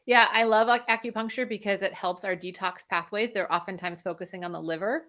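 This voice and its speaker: A woman's voice: mid-range voice, quick pace, a bit bright. A woman guest speaking as a functional medicine practitioner, explaining in a conversational way and laughing often. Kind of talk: conversational interview.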